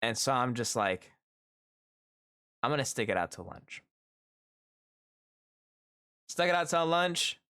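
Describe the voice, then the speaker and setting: A middle-aged man streaming live, telling a story about his workday to his chat in a lively, animated way and acting out the people in it. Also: mid-range voice, takes it slowly, pauses often, clean tone. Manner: animated storytelling, acts out quoted coworkers. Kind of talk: casual chat with viewers.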